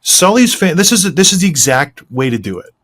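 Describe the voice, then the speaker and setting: A man's voice: a little high, very animated, brisk, a bit bright, husky. A man hosting a sports podcast, a former player giving emphatic opinions. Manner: emphatic, mocking impressions of coaches.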